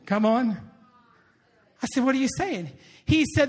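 Animated high-voiced preacher. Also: male voice, measured pace, pauses often. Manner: animated preaching with call-and-response asides. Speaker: pastor. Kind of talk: sermon.

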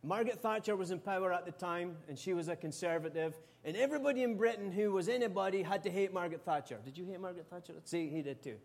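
A middle-aged Scottish man from Scotland, preaching a sermon with animated, humorous storytelling. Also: high-pitched, fast, hardly any pauses. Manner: animated, humorous storytelling with sudden loud outbursts. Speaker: pastor.

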